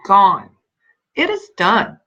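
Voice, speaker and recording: A woman's voice: medium pitch, wildly swooping pitch, drawn-out words, fairly bright tone, lo-fi sound. A woman giving an earnest, emphatic motivational talk on a livestream, repeating her key words for weight. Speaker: motivational speaker and sales team leader.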